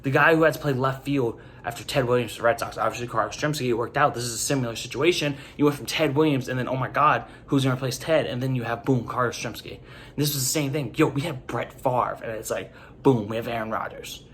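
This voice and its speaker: A young man giving a casual, rambling sports opinion monologue as host, leaning hard on "like" and getting animated. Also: medium pitch, quick pace, slight background noise. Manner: rambling, animated, heavy use of "like".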